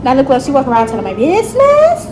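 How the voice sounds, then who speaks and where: A woman in her late teens telling a storytime vlog in an animated, emphatic way, full of slang and asides. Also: sits high, fast, music in the background, poor audio. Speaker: vlogger. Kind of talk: storytime narration.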